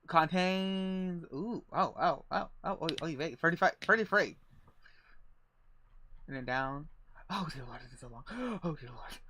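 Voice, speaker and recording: A man with a fairly high voice hosts a casual group stream. He is easygoing and narrates his scrolling as he goes. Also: expressive, a little slow, pushed and bright, slight background noise. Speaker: stream host sharing screen.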